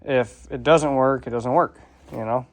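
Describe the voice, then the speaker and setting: A relaxed man explains his shop work as he goes, thinking out loud and admitting he isn't sure it's right. He sounds a little out of breath from the digging, and the talk stays casual and unpolished. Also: mid-range voice, unhurried. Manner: unsure, thinking aloud, laid-back. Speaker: DIY vlogger. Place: shop or garage.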